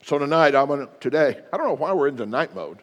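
A man's voice: fairly high pitch, animated, quick pace, long reverb tail, lo-fi sound. A middle-aged male pastor preaching, acting out short example apologies and leading the congregation in practice. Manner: acts out short example apologies in different voices; leads the congregation in spoken practice. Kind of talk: sermon.

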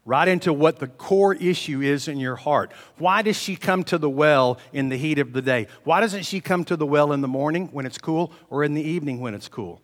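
A man preaching a sermon, telling the story with animated swings between loud emphasis and hushed delivery. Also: a little high, brisk, hardly any pauses. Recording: long reverb of a large hall.

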